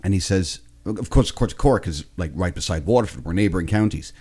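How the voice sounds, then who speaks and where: A man's voice: low-pitched, lively intonation, fairly quick, a little mellow, slightly rough. A man in his thirties with an Irish accent, co-hosting a podcast in casual, rambling chat full of restarts. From Ireland. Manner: rambling, self-reflective, with many restarts. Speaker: podcast co-host.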